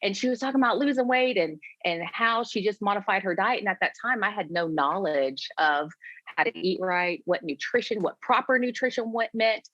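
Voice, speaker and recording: A woman's voice: medium pitch, normal speed, no room sound. A woman in her forties from Florida, candidly telling her story in a casual interview and acting out what she and others said. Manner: candid, conversational, quotes herself in lively voices. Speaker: guest. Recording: dull lo-fi sound, dry.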